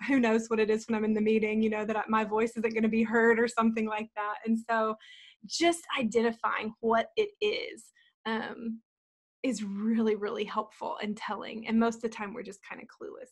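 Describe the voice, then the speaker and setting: A woman's voice: on the high side, flat delivery, normal speed. Earnest woman in her thirties, storytelling. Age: 30s. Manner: earnest, storytelling with filler words. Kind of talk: panel talk.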